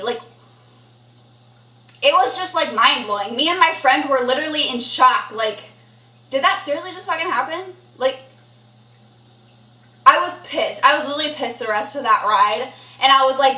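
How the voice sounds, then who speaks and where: Indignant young woman ranting, high bright voice. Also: moderate pace, far from the mic. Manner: indignant, blunt, frequent swearing and "like". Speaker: horse vlogger. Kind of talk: storytime rant to camera. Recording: echoey room, voice a bit off-mic.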